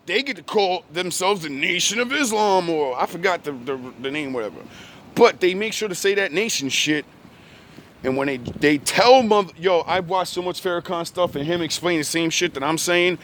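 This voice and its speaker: High-voiced male vlogger, angry profane rant recorded in a car, faint traffic behind. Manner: angry, swearing, rising to shouts.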